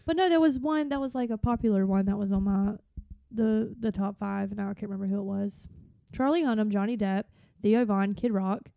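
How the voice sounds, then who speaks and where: A young woman, co-hosting a podcast in casual chat and telling stories in a lively way. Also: medium pitch, brisk, vocal fry, hardly any pauses, no room sound, studio quality. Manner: chatty, animated storytelling with run-on asides. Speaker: podcast co-host.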